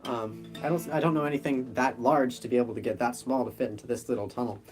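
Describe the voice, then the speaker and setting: A man's voice: mid-range voice, steady tone, fast, darkish tone, lightly acted. A grumpy young wanderer mutters his way through a puzzle, as a man puts him on, impatient and a little irritable. Guitar music plays behind him. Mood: puzzled.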